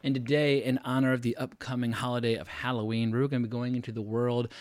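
A man's voice: medium pitch, level tone, fast talker, a little mellow, dry recording. A man hosting a podcast, talking in a chatty, enthusiastic way with loose fillers. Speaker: podcast host. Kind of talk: casual podcast conversation.

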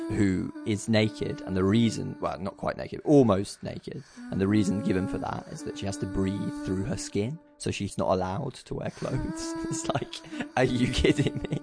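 A man's voice: lowish voice, creaky. A man co-hosting a casual chat, chatty, laughing often and agreeable. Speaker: podcast co-host.

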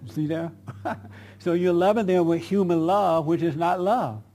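Guy preaching casually to a group, kinda high voice, emphatic, laughs a lot. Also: a little slow, dark tone, faint music behind. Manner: emphatic, laughs often, calls on people. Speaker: preacher leading a group discussion. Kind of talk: conversational sermon with audience questions.

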